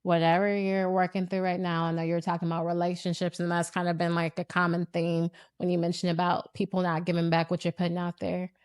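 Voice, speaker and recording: A woman hosting a heartfelt conversation, speaking softly with gentle affirmations and drawn-out phrasing. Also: on the low side, completely flat delivery, smooth, no echo, studio quality. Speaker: host.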